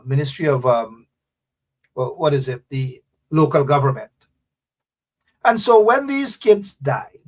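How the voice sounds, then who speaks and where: Man, Guyanese accent, high voice, political commentary, mocking, repetitive.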